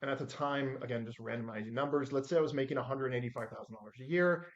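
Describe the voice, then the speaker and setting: A man's voice: mid-range voice, fast talker. Guy in his 40s telling business stories, does the voices, kinda dull lo-fi sound. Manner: animated storyteller acting out his own quotes. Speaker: guest. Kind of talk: storytelling in a podcast interview.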